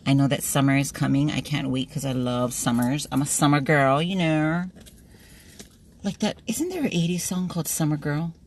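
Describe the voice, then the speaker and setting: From a parked car, a middle-aged woman with a deep voice chats casually to her phone camera at normal speed, laughing often as she tells playful stories. A little hiss or hum sits under the recording.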